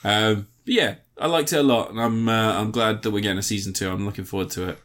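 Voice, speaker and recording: A man's voice: on the low side, quick pace, fairly bright tone. Man, casual podcast chat, laughs often, swears, trailing sentences. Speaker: podcast co-host.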